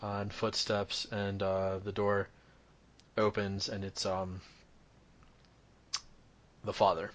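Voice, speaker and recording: A man's voice: fairly low pitch, completely flat delivery, takes it slowly, long pauses. A man narrating as game master in a tabletop game, with a rambling, loose delivery. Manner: rambling, full of fillers and restarts.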